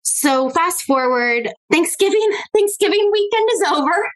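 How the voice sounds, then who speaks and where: A woman's voice: very high-pitched, animated, measured pace, rough recording. A woman from Arizona, a podcast guest telling her own story candidly in a chatty way, full of "like" fillers and small laughs. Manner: chatty, frequent "like" fillers, laughs between phrases.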